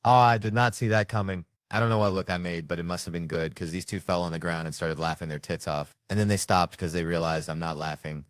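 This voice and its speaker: Male stand-up comic with a lowish voice, profane and rambling delivery, dry sound. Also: fairly even intonation, fast, few pauses, no echo. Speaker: stand-up comedian. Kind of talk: stand-up set.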